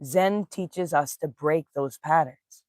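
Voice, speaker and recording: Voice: medium pitch, takes it slowly, darkish tone, no room sound, clean studio sound. Casual live-streamed spiritual teacher. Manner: casual storytelling, greets chat viewers; laughs easily, folksy slang.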